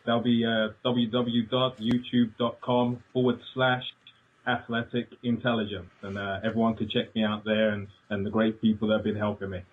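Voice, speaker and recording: A man's voice: fairly low pitch, little pitch movement, normal speed, slightly rough. A man with a British accent, a guest calling in to a radio show, speaking hesitantly with many fillers. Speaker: phone-in guest. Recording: tinny phone line.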